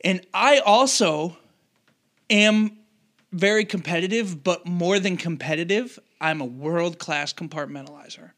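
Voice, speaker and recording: A man hosting a casual podcast conversation, playful and self-mocking, quick to laugh at his own stories. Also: sits high, a bit bright. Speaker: podcast host.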